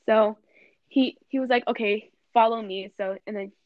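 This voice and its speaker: Young woman, fairly high voice, giggly, lots of fillers, slightly muffled dry recording. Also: fairly even intonation, normal speed, no echo. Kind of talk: casual storytelling chat.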